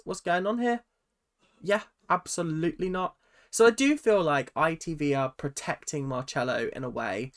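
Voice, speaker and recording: A man recapping a reality show in a casual, sarcastic rant, swearing freely and acting out quotes in a higher voice. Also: a bit bright. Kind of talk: casual ranting commentary.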